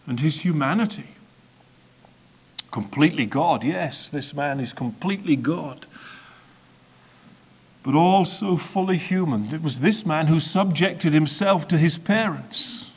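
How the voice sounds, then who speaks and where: Male preacher, high voice, slow deliberate sermon, dramatic swings from hush to loud. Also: slightly rough. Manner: dramatic, with sharp swings between soft and loud; measured, repetitive rhetorical build-up.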